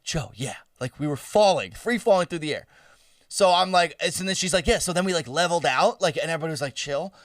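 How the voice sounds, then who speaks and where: A man's voice: on the high side, no echo, studio quality, distant mic. A young man in his twenties, co-hosting a podcast, telling a story in a loose, profane, laughing way. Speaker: podcast co-host. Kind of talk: casual storytelling chat.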